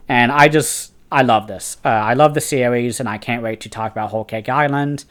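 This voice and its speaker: With a fairly bright tone and a slightly fast pace that leaves few pauses, this medium-pitched man hosts a fantasy book and manga review channel. He chats eagerly through a casual manga review, often using fillers and starting over.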